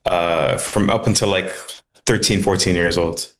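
A man's voice: low voice, steady tone, measured pace, echoey room. A man from North America chatting casually as a studio guest on a radio show.

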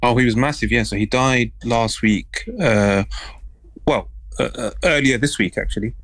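Male guest, mid-pitched, animated rambling storyteller, dry close mic. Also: moderate pace, no echo, low-quality recording. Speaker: panel guest. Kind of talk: casual storytelling.

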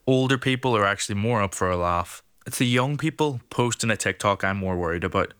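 Low dry Northern Irish voice-over. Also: male voice, brisk, fairly bright tone, smooth. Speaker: comedian. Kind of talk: voice-over commentary.

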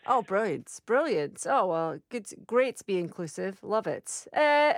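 A woman's voice: mid-range voice, big pitch swings, measured pace, dry recording, clean studio sound. A woman presenting a live radio phone-in show and reading the news headlines. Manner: bubbly, laughing, then crisp news read. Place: radio studio.

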